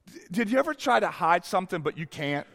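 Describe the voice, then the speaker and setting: High-voiced preacher in a reverberant hall. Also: male voice, sing-song, quick pace. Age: 50s. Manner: candid storytelling, swings from hushed to exclaiming. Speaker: pastor. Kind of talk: sermon.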